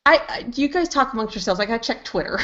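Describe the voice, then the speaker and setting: A woman's voice: a little high, expressive, fast talker. A woman co-hosting a casual live-streamed show, laughing as she greets viewers by name. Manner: laughing, giving shout-outs to viewers. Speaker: podcast co-host. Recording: dull lo-fi stream audio.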